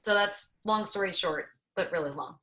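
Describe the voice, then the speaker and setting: A woman in her thirties telling a candid, lively personal story on a team call, laughing along the way. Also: on the low side, moderate pace. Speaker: network marketing team leader.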